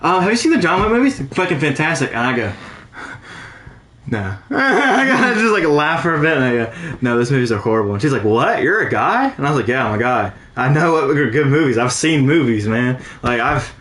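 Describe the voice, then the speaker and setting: Young male co-host, slightly high voice, animated profane ranting, casual chat. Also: fairly quick, roomy sound. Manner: animated ranting, heavy swearing. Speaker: podcast co-host.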